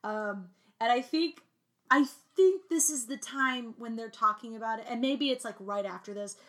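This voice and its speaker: A young woman co-hosting a casual movie recap podcast, animated and laughing, mimicking lines in exaggerated voices. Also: on the high side, moderate pace. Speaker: podcast co-host.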